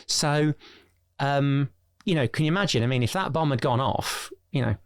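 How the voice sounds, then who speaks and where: A man talking at a middle pitch, loose and conversational. He tells family stories with a self-deprecating edge and often laughs along with himself, like a guest at ease on a podcast. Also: normal speed. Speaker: business founder, guest. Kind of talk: conversational storytelling.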